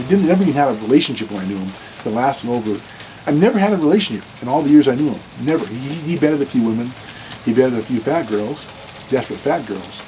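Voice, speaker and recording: Rambling blunt man, mid-pitched. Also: dark tone, slight background noise, low-quality recording. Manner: rambling, blunt, frequent restarts and repeated words. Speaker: dating advice vlogger. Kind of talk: casual monologue to camera.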